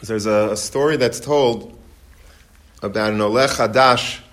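A man addressing a gathering of guests, pausing often with fillers, then teaching from religious texts. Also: fairly low pitch, a bit bright. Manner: halting, many fillers. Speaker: speaker at a community gathering.

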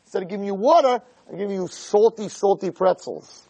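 A man giving an animated Torah lecture as a rabbi. He repeats key phrases, asks rhetorical questions, and swings from low murmurs to near shouts. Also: fairly quick. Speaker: rabbi teaching a Torah class.

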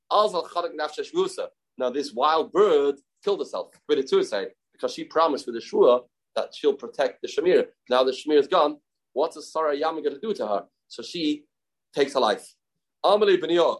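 A man's voice: mid-range voice, rough recording. Man teaching a Talmud page. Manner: reads lines of Aramaic then paraphrases them in casual English, acting out the dialogue. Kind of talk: daily Talmud class, reading and explaining.

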